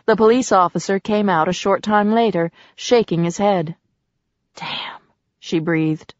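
A woman narrating an audiobook in a steady storytelling manner. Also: medium pitch, normal speed, no room sound, muffled recording. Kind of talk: scripted narration.

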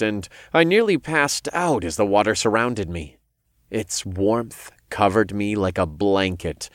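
A man reading a first-person story aloud in a calm, measured way. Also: fairly low pitch, dry recording, clean studio sound. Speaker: narrator.

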